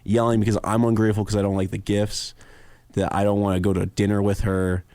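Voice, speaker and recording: Talking fast in a lowish voice, this young podcast host is an animated storyteller, acting out quoted voices as he chats casually through a story. There's no echo.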